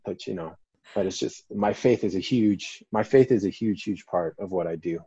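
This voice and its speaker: A man's voice: deep voice, normal speed, mellow, breathy edge, dry recording. A man, a firefighter and paramedic, telling a story in a casual interview in an earnest, rambling way with many fillers. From Colorado, US. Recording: dull lo-fi dry audio.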